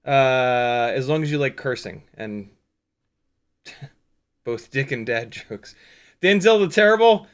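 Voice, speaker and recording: A man hosting a casual live stream, joking around, animated and swearing freely. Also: mid-range voice, slow, pauses often, clear, resonant tone. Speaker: livestream host.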